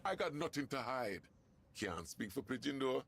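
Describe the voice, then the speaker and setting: A sleazy, flirty card player. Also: male voice, medium pitch, very animated, moderate pace, creaky, a crowd in the background. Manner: teasing, calls people sugar and sweet thing. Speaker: video game character. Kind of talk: video game voice acting.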